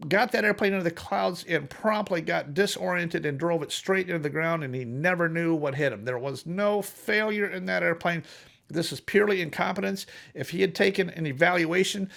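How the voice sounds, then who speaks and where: A man's voice: fairly high pitch, gravelly, fairly bright tone. A man giving blunt, opinionated commentary, stressing his key words. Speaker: aviation safety commentator.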